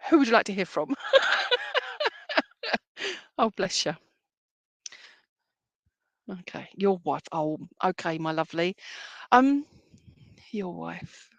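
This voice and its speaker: A woman medium gives a live-streamed reading in a slightly low voice. She talks in a chatty, affectionate way, calling people "my lovely", and she often rambles and restarts. The sound is dry and close to the mic. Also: animated, slow pace, gravelly, long pauses, dry recording. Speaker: spiritualist medium.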